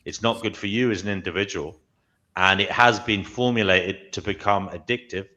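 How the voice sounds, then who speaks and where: A man's voice: low voice, steady tone, moderate pace, pushed and bright, dull audio. A man hosting a panel, pressing his guest with repeated questions. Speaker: show host. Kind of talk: casual panel discussion.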